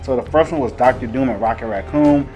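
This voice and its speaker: A man hosts a casual comic review, recapping the plot in a chatty, loose way with plenty of fillers. His voice sits at an ordinary middle pitch, and faint music plays beneath him. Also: fairly quick, darkish tone. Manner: chatty, retelling the story with filler words. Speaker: comic book reviewer, host.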